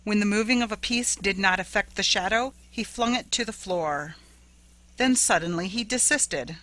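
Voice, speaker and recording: A woman narrating a ghost story in a dramatic, measured audiobook reading. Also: mid-range voice, bright, forceful tone, dry recording, poor audio.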